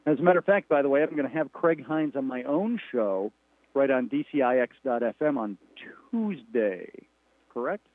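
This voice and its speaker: A man, a guest on a radio talk show, explaining earnestly over the phone and pausing with fillers. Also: mid-range voice, animated, no room sound. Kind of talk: radio interview. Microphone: phone call. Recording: tinny phone line.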